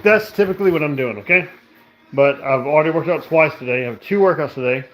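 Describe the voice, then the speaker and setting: Relaxed, rambling man on a home livestream. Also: a little high, fast talker, background noise. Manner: relaxed, rambling, repeats "okay?". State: drinking, tipsy. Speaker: livestream host. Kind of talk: casual livestream chat. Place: living room at home.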